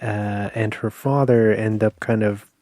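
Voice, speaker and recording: Dark-voiced man chatting about a film. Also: fairly low pitch, fairly even intonation, a little slow, no room sound, clean studio sound. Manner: rambling, searching for words with fillers and restarts. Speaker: podcast co-host. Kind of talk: casual film review chat.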